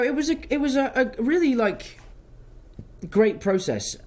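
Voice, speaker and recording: A young man chats through fan questions in a loose, rambling way, drifting off topic as he tells stories. His voice sits a little higher than most men's. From London, England. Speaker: actor answering fan questions. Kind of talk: casual livestream Q&A.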